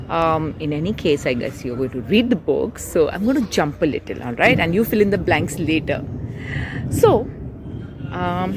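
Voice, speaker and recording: A woman's voice: medium pitch, darkish tone, a little hiss or hum. A woman author reading her book aloud to children, chatty and full of questions to her listeners.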